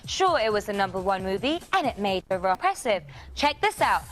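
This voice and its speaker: A woman's voice: mid-range voice, very animated, brisk, fairly bright tone, faint music behind. A British woman hosting an entertainment news segment on TV, reading headlines with cheeky, playful asides.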